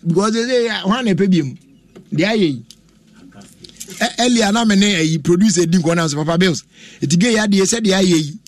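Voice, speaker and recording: Brief: young Ghanaian man, radio talk host, animated and casual, fairly high voice, dry close mic. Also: fairly quick, dry recording. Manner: animated, switching between languages, with laughs and exclamations.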